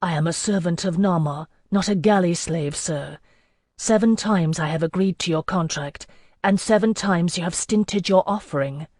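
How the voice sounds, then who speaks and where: A man's voice: sits high, moderate pace, darkish tone, dry recording, clean studio sound. A narrator voicing a proud young male courtesan who speaks in a cool, distant, firm way, in a fantasy audiobook. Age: young adult.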